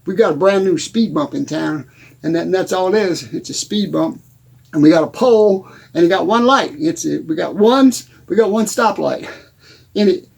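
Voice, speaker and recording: A man doing a giggly, forgetful Texan hick. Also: sits high. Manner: rambling, giggly, loses his train of thought. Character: rambling forgetful country musician, middle-aged man. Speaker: comedy character host. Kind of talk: improvised comedy monologue.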